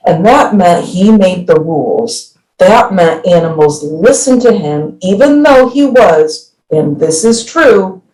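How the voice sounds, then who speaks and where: A woman reading a children's picture book aloud at a library, lively storytelling and voicing each animal. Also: fairly low pitch, slow. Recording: distant from the mic.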